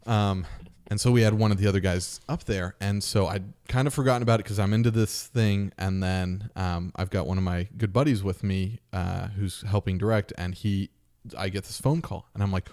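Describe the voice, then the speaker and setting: A man's voice: fairly low pitch, brisk, darkish tone. A man in his thirties, a podcast host, telling a story in a casual chat and acting out the voices of people in it.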